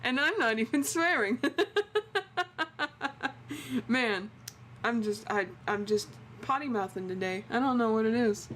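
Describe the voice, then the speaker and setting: A woman's voice: a little high, a little slow, long pauses, a bit bright, a little hiss or hum. A woman streaming a game, chatting casually and laughing often and awkwardly. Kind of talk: casual let's-play chat.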